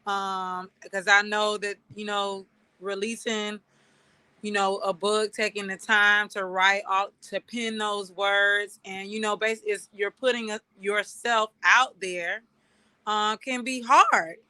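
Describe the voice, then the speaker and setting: Woman asking questions on a panel, lots of ums, crisp clear voice. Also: medium pitch, fairly even intonation, no room sound. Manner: warm, encouraging, halting with fillers. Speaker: panel moderator. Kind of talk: casual panel chat.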